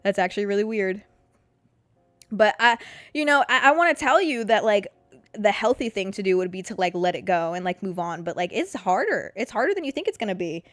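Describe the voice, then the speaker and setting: A woman's voice: mid-range voice, animated, a little fast, no room sound, faint music behind. A young woman, hosting a solo podcast in a candid, rambling, casual way, full of "like" and the odd swear word. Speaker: podcast host.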